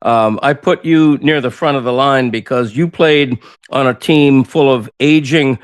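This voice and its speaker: A man's voice: medium pitch, unhurried, clean tone, no room sound. A man hosting a radio talk show, interviewing a guest in an earnest, complimentary way. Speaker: host.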